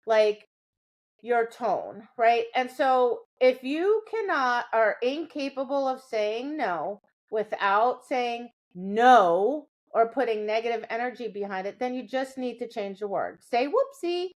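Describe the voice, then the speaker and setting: Woman dog trainer, podcast co-host, chatty explainer, slightly high voice. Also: slow. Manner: explanatory, keeps checking in with "right?". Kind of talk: casual podcast chat.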